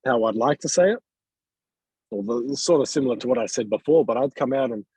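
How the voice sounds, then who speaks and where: A man's voice: medium pitch, lively intonation, fast, creaky, a little mellow, slightly rough, dry recording. A man training as a car salesman, talking over a video call in a hesitant way, repeating words as he thinks aloud. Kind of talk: coaching session, casual.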